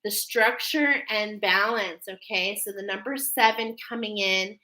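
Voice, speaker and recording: A woman's voice: mid-range voice, unhurried, bright, forceful tone, rough recording. A woman giving an oracle card reading. She speaks earnestly and effusively and keeps checking in with a questioning "okay?". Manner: emotional, effusive. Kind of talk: spiritual channeled reading.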